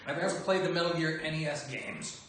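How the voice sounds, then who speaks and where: A man answering fan questions in a relaxed, joking livestream chat. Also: fairly high pitch, quick pace. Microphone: phone some distance away. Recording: echoey room, voice from far off, faint background noise.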